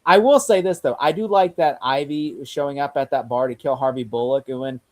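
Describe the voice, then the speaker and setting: A young man chats casually as a podcast host, his medium-pitched voice moving fairly quickly. He rambles, laughs often, and performs the lines he quotes.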